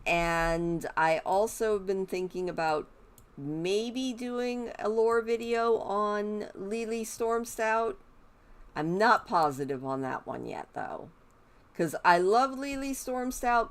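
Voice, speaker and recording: Woman streamer, low-pitched, unhurried, rambling chat at a desk mic. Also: lively intonation. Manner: chatty, rambling, talks to her pet raccoons in a cooing voice. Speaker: gaming streamer. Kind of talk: casual chat while streaming.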